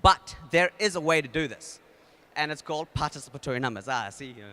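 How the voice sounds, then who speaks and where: Talking fast, this conference speaker with a New Zealand accent runs an audience game with loose energy. His voice is a bit high, bright and forward, and his casual speech is riddled with fillers and restarts.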